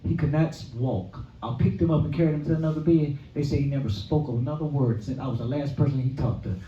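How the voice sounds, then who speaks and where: A man in his forties telling his life story at a luncheon, with a lively storytelling style that swells into exclamations. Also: medium pitch, quick pace, slight background noise. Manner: storytelling, preacher-like, rising to exclamations. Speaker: guest speaker. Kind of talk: personal testimony. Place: event hall at a luncheon. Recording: echoey room from far off, dull sound.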